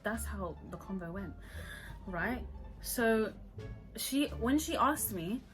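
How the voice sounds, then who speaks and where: A young woman telling a funny story to camera, animated and laughing often, acting out the voices. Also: medium pitch, slow pace, faint music behind, poor audio.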